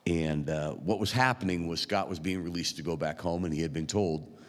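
In a big church sanctuary where his voice rings with a long reverb, a deep-voiced pastor shares sermon stories in a relaxed, friendly tone. He takes his time, stopping frequently and using little fillers and hesitations as he talks to his congregation.

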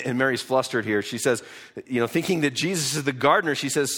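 Pastor, male, mid-pitched voice, relaxed conversational sermon delivery with frequent restarts. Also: brisk, breathy edge. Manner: conversational, repeats words when restarting, reads scripture aloud. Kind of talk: sermon teaching through a Bible passage.

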